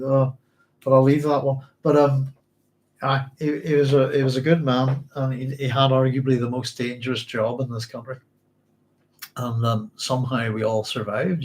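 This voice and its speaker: A tired middle-aged man from Northern Ireland with a mixed Northern Irish and English accent, speaking to an audience in a halting, reflective way with many restarts as he talks about his late father. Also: medium pitch, flat delivery, darkish tone. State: physically tired. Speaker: podcast host. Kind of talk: emotional personal storytelling to a live audience.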